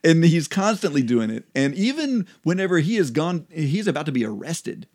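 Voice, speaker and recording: A man co-hosting a casual Bible study chat, relaxed and laughing often as he explains. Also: on the high side, normal speed. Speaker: co-host.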